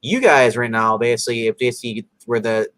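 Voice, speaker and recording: A man's voice: medium pitch, fast, a bit bright, no room sound, low-quality recording. A man co-hosting a casual episode recap, rambling with many fillers and acting out characters' lines. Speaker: podcast co-host.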